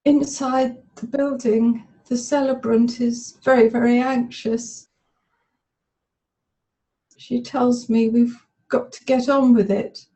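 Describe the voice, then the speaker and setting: Slow, tearful woman in a webinar. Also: fairly high pitch, little pitch movement, warm tone, low-quality recording. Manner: halting, stop-start phrasing with frequent pauses. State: tearful, emotional. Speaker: volunteer in a therapy demonstration. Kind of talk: recalling a memory aloud in present tense. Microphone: webinar call audio.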